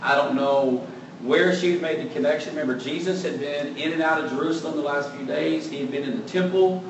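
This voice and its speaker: A man giving a conversational Bible teaching, relaxed and thinking aloud, openly admitting what he is unsure of. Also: a little high, a little fast. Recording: very echoey room, mic far off, faint background noise.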